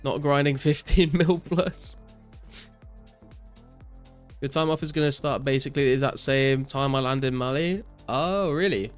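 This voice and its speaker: A young man streaming a game, reading chat aloud and answering viewers in a relaxed way, full of "like" and "um". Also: medium pitch, measured pace, pauses often, clear, resonant tone, soft background music. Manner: relaxed, reads out chat messages and answers viewers with many fillers. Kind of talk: casual live-stream chat while gaming.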